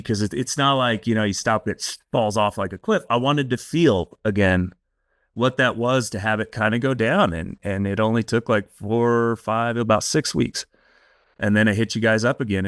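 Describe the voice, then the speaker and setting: A man talking as a guest in a casual interview, telling his stories candidly and with lively quoting. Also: fairly low pitch, moderate pace, no room sound, clean studio sound. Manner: candid storyteller, lively when quoting others.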